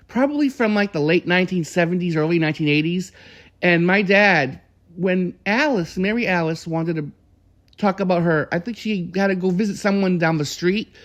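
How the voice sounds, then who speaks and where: A man casually telling old memories, rambling with restarts and occasional chuckles. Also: sits high. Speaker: storyteller. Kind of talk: casual reminiscing.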